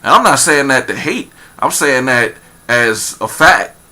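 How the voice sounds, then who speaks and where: A man's voice: mid-range voice, animated, a little slow, pushed and bright. A man giving a rambling casual commentary, full of fillers and repeated phrases, turning emphatic as he goes. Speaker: vlogger.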